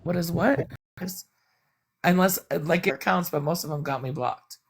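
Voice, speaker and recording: A woman's voice: lowish voice, moderate pace. A woman chatting bluntly and profanely on a live stream, rambling as she vents. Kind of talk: casual venting chat.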